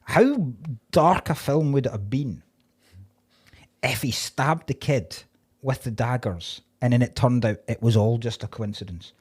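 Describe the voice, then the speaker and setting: A man's voice: medium pitch, unhurried, a little mellow, husky. Swearing man retelling a film plot. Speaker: podcast co-host. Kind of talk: casual comedic chat.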